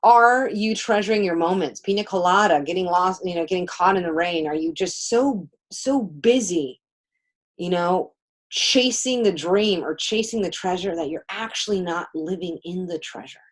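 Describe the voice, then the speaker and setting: A woman co-hosting a casual spiritual chat show, rambling and animated, with swearing and offhand asides. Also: on the low side, moderate pace. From San Francisco area. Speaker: co-host, card reader.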